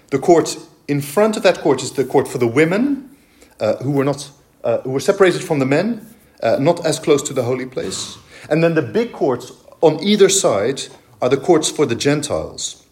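A man preaching a sermon in a church, emphatic and explanatory, with frequent fillers and restarts. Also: a little high. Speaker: pastor.

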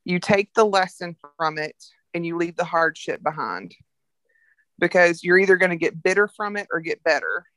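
A woman with a Southern American accent, a coffee entrepreneur talking frankly and telling animated stories as a podcast guest. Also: lowish voice, moderate pace, dry recording. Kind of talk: casual podcast conversation.

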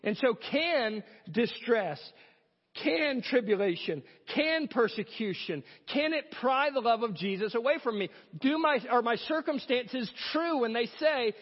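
A man with a high voice preaches an earnest sermon and poses rhetorical questions to his listeners. The sound is dull, with long reverb trailing each phrase. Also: animated, normal speed, slightly rough. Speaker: pastor.

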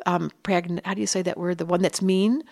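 An older woman talking in a casual podcast chat, animated and expressive, slipping into other voices when she tells a story. Her voice is recorded close and dry, with almost no room sound. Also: lowish voice, a little fast, gravelly, no echo. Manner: animated storyteller, acts out quotes. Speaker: astrologer guest.

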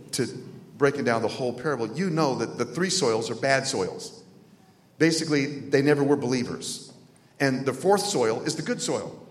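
A man preaching a sermon, telling stories with feeling, from loud exclamations down to hushed near-whispers. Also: fairly high pitch. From North Carolina. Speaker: pastor. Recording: echoey hall with long reverb.

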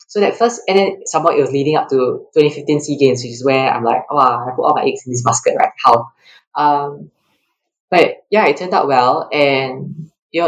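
A woman from Singapore, a track athlete guest telling stories in a casual interview. She is animated and laughs often, and her pitch jumps up when she acts out quotes. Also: poor audio.

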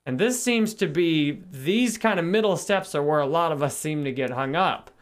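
A man hosting a live stream, calmly talking viewers through self-help steps and greeting them by name. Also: on the high side, moderate pace. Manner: calm, reflective, greets viewers by name between points. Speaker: live stream host and spiritual teacher.

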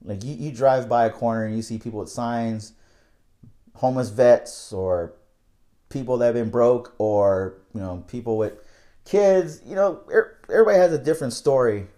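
A man's voice: medium pitch, normal speed, dark tone. A young man telling a casual, candid story about his night-shift work, rambling and swearing freely.

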